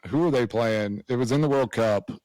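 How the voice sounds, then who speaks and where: A man's voice: mid-range voice, moderate pace, darkish tone, no echo, poor audio. A man in his thirties co-hosting a podcast, telling stories in a laid-back way and chuckling often. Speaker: podcast co-host. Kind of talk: casual interview chat.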